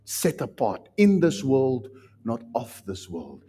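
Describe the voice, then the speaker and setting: A man's voice: mid-range voice, very animated, slow pace, slight background noise. Emphatic South African male preacher. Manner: emphatic, repetitive preaching with sudden loud rises. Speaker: pastor. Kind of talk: sermon.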